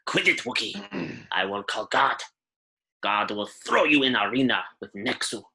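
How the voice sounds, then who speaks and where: A man voicing a grizzled old female alien pet-shop keeper who talks in broken, clipped speech and throws out gruff threats. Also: medium pitch, sing-song, a little slow, sharp tone, heavily acted.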